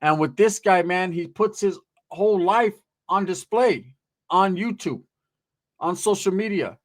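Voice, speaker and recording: Streetwise middle-aged male commentator, fairly high voice for a man, profane, rambling delivery. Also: unhurried. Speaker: host, commentator.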